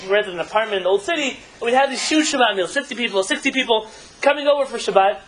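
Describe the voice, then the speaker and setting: A man's voice: sits high, lively intonation, quick pace, a bit bright, poor audio. A man, a rabbi, giving a live talk and telling stories in a conversational way, asking his audience questions.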